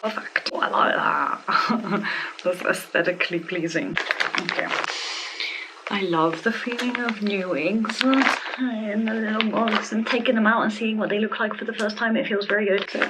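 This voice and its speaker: A woman's voice: mid-range voice, normal speed. Gushing woman unboxing a wig, noisy room. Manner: gushing, breathy exclamations, drops to whispers. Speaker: wig reviewer. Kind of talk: casual unboxing review.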